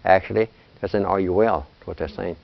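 A man teaching a language class, talking in a relaxed, chatty way and laughing often. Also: sits low, a little fast, gravelly, dull audio. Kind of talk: classroom lesson.

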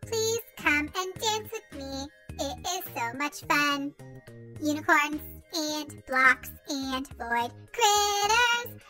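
A woman putting on the voice of a perky little girl who invites everyone to dance, high and sing-song. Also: expressive, slow, pushed and bright, faint music behind, full character voice. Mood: cheerful.

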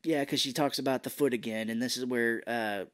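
A male podcast co-host in an easy, chatty recap of an old favorite film. His voice sits at an ordinary middle pitch, and he keeps slipping into goofy impressions of the characters as he tells it. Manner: animated retelling, breaks into quick silly character voices. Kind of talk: casual movie recap chat.

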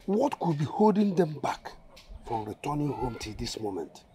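An actor with a Nigerian accent playing an anxious, puzzled married man with a gravelly voice. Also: fairly high pitch, big pitch swings, moderate pace, noisy background. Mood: worried. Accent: Nigerian English. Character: worried married man waiting for family.

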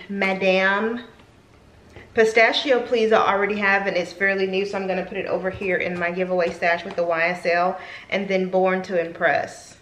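A woman's voice: mid-range voice, a bit bright, a little hiss or hum. A woman in her thirties chatting casually to camera at home as a lifestyle vlogger, rambling and talkative. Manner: chatty, rambling, gets emotional at times. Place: home, indoors. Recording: echoey room.

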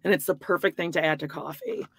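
A woman's voice: low voice, wildly swooping pitch, fast, a bit bright, slightly rough. A woman co-hosting a podcast live from home, chatting playfully and gossiping. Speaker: podcast co-host. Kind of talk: casual chat on a live stream.

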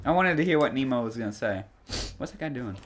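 A man's voice: mid-range voice, lively intonation, fast, heavy background noise. A young man laughing and hurling teasing insults at friends in party chat. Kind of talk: casual gaming chat.

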